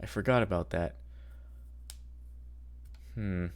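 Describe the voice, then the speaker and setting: A man's voice: deep voice, takes it slowly, clean tone. A man streaming a game and chatting casually, rambling and swearing as he plays. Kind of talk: casual gameplay commentary.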